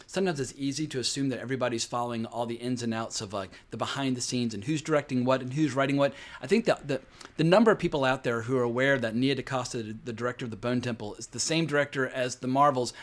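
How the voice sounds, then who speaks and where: A man giving casual box office commentary on films, animated and conversational, with frequent swearing. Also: mid-range voice. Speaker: film commentator.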